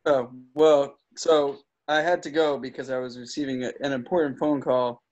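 A man co-hosting a casual podcast, telling a story in a relaxed way. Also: medium pitch, moderate pace. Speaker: podcast co-host. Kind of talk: casual chat. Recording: dull lo-fi sound.

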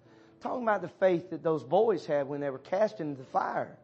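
A man preaching in a church, his voice sitting high for a man. He moves between loud, pressing appeals and near-whispered lines, talking straight to people in the pews. Soft music hums faintly underneath. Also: expressive, brisk, husky, muffled recording. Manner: preaching with wide swings from loud urging to hushed tones; addresses listeners by name as brother and sister. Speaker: pastor. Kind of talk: sermon.

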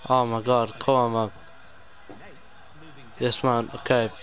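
A man's voice: mid-range voice, level tone, takes it slowly, fairly bright tone. A young man giving live gameplay commentary, despairing and muttering with sudden outbursts. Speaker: gaming YouTuber.

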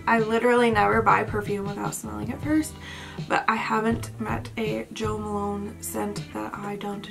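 A woman's voice: fairly high pitch, creaky, a bit bright. A young woman vlogger chatting casually at home, rambling and often unsure how to pronounce names. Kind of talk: casual chat. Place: indoors at home at night.

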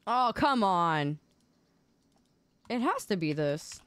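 A young adult woman streamer chatting casually on a live stream, playful and excitable, quick to laugh. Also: mid-range voice, clear, resonant tone. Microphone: desk microphone.

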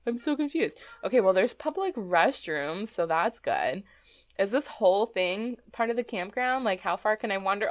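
Brief: young female let's-player, giggly and chatty, a bit high-voiced, reacting out loud. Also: big pitch swings, normal speed. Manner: chatty, giggly, exclaims at small things. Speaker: let's play host. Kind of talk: casual gameplay commentary.

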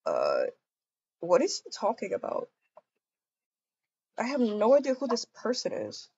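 A woman's voice: fairly high pitch, wildly swooping pitch, a little slow, a little mellow, husky, lo-fi sound. A woman improvising a game role-play, gushing and giddy, with many ums and hesitations.

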